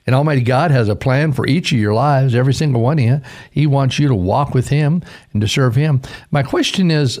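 A man's voice: mid-range voice, vocal fry, a little mellow. An older man in his sixties, a pastor from Idaho, gives a radio devotional. His talk is folksy and rambling, and he stops to correct himself mid-thought. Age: 60s.

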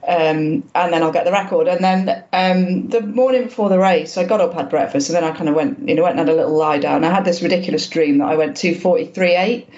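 A woman in her fifties, a guest on a podcast, talking casually and hesitantly with many pauses and restarts, modest about her achievements. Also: on the low side, darkish tone, lo-fi sound. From Wales. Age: 50s. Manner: hesitant, lots of ums and restarts, self-deprecating. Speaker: guest, masters swimmer. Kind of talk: casual interview chat.

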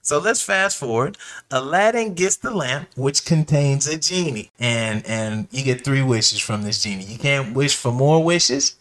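A man riffing alone on his podcast in a loose, cussing, slang-heavy way. His voice is bright and forceful, with a lot of push behind it. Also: medium pitch, measured pace. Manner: animated, profane storytelling with slang and asides. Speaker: podcast host. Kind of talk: casual solo podcast monologue.

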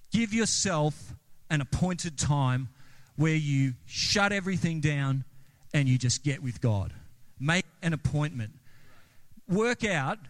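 A man preaching a sermon as a pastor, talking conversationally and asking the congregation questions. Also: a little high. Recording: long reverb of a large hall.

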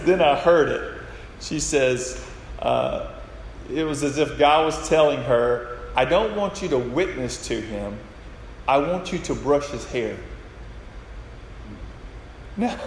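Man preaching in an echoey hall. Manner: retells stories, acting out quoted lines with rising pitch. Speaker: pastor. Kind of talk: sermon with storytelling. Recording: echoey hall with faint noise.

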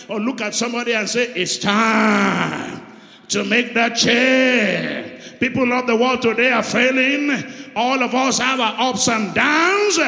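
A man preaching a sermon in a church hall, animated and calling out to his congregation. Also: very high-pitched. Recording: echoey hall with long reverb.

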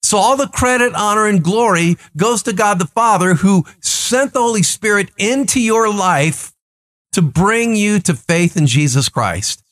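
A man's voice: high-pitched, animated, a little slow, fairly bright tone. A man in his sixties, a pastor giving a daily devotional sermon in an earnest, emphatic way, stacking up rhetorical questions and lists.

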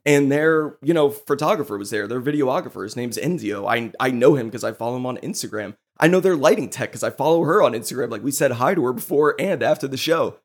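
Guy on a podcast hyped up telling a story, swears a lot, mid pitch. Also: fast, hardly any pauses. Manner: excited storytelling, swears freely. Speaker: podcast host. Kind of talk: casual chat.

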